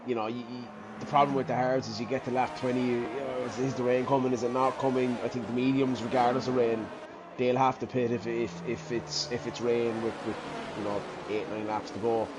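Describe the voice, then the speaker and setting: A man's voice: mid-range voice, little pitch movement, brisk, noisy background. Man musing through live race commentary. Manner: thinking aloud, many restarts and trailing sentences. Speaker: sim racing commentator.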